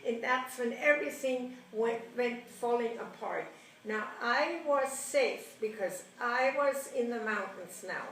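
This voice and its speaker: An older woman, recounting her childhood in an animated oral-history interview, often laughing and acting out what people said. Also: on the high side, a little slow. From Germany. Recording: roomy, distant mic, faint noise.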